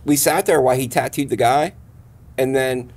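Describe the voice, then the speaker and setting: A man hosting a casual interview, retelling stories with halting starts and animated quoted voices. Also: mid-range voice. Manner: halting, lots of fillers and restarts, animated retelling. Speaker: interview host.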